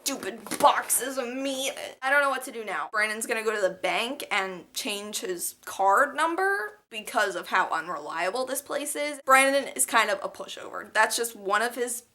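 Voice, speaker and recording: A woman's voice: a little high, lively intonation, moderate pace, hardly any pauses, pushed and bright. A young woman vlogger telling an indignant story in a chatty way, full of fillers. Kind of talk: storytime vlog.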